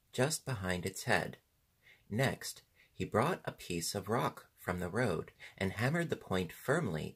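A man narrating a children's fantasy chapter as an audiobook in an even, unhurried reading. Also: deep voice, breathy edge. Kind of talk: storybook narration.

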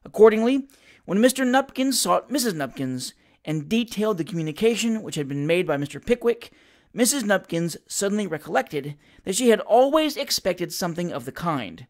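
Expressive audiobook reader of a classic novel. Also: medium pitch. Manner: expressive, theatrical reading. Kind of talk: scripted narration of a classic novel.

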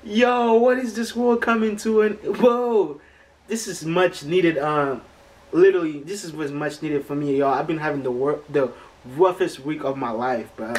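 A man hosting a music video reaction, talking casually and getting loudly excited, his voice cracking as he gushes. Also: fairly high pitch, moderate pace. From United States. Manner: hyped, exclamatory, voice cracking with excitement. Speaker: YouTube reaction host. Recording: music from the video playing loud behind. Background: music video playing.

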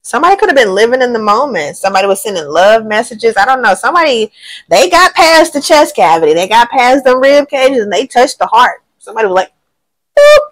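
Brisk and fairly high-pitched, a tarot reader gives a casual reading to a general audience. She works through it out loud in lively slang, drops the odd swear word and says she doesn't know quite often.

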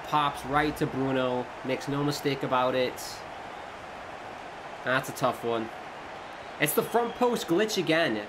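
Excitable man calling a football game. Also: mid-range voice, noisy background. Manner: excitable play-by-play, shouting at goals. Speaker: gaming YouTuber. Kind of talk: casual gameplay commentary.

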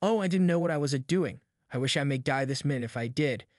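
A man's voice: a little high, quick pace, darkish tone, no echo, clean studio sound, natural voice. A man reading a drunken, pleading old backwoodsman. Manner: pleading, rambling rustic talk.

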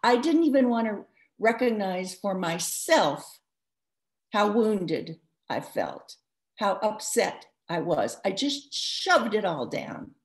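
A woman author giving advice in a live interview, talking in a lively, rambling way full of restarts and asides. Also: medium pitch, slow. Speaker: author discussing her book.

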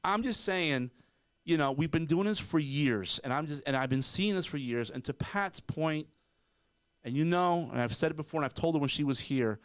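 With a slightly high, clear, resonant voice at a moderate pace, a man co-hosting a podcast launches into casual, emphatic ranting full of profanity. He acts out mock quotes, and the recording is dry.

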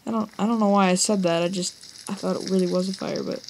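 A woman's voice: mid-range voice, fairly even intonation, quick pace, background noise. A young woman giving rambling, jokey commentary on her own gameplay and talking straight to her viewers. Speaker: let's play gamer. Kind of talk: casual game commentary.

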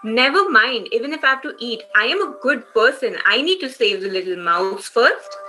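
A woman's voice: on the high side, lively intonation, moderate pace, pushed and bright, recorded from a distance, soft background music. Woman voicing a kind-hearted fox. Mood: earnest. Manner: earnest, reasoning with himself.

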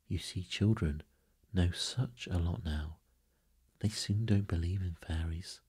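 A man voicing a good-natured, cocky young boy in a bedtime storybook reading, speaking softly and half-whispered. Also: sits low, slightly rough, heavily acted.

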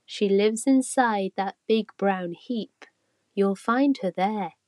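A woman's voice: medium pitch, slow, a little mellow, no room sound, natural voice. A woman doing a sly coaxing hen. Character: fat red hen, sly and calm.

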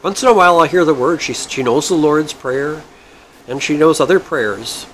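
A man's voice: on the high side, normal speed, fairly bright tone, a little hiss or hum, voice pushed up, natural voice, rough recording. A man voicing an elderly, pious churchgoing woman who talks in a chatty, earnest, homely way.

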